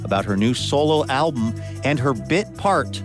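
A male radio host of middling pitch, announcing segments in an upbeat, friendly way. A clear music bed plays under his voice. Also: animated, normal speed. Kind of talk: scripted radio hosting.

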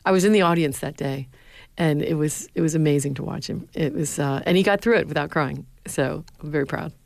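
A middle-aged woman who was a speechwriter and now lectures, answering interview questions with earnest stories and lively quotes. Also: sits low, a little fast, gravelly, dry recording. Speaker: former speechwriter, university lecturer.

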